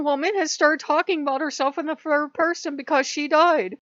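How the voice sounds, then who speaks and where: A woman chatting casually to her channel, animated and laughing often as she slips into mock voices. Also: sits high, fairly quick, few pauses, dry recording, lo-fi sound. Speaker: YouTuber.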